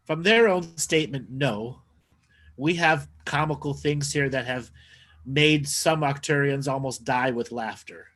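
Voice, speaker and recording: A man's voice: mid-range voice, a little slow, fairly bright tone. A man co-hosting a live comedy talk show, delivering absurd claims in a dry, matter-of-fact way. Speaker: co-host.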